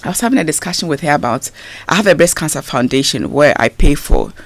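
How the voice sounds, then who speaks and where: A woman's voice: low-pitched, fast, no room sound. A woman, a guest telling a personal story in a radio interview, acting out what people said. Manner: animated storyteller acting out quoted speech.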